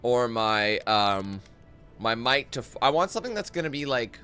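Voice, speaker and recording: A man's voice: medium pitch, big pitch swings, moderate pace, pushed and bright, smooth, soft background music. A young man giving casual, joking gameplay commentary, reading in-game texts aloud and breaking off into parody singing.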